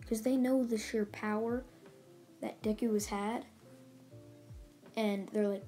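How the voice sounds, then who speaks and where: Woman rambling through a story, flat voice. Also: a little high, slow, pauses often. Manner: rambling, run-on "and then he's like" storytelling. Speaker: channel host retelling a fan story. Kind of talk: casual spoken retelling. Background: faint background music.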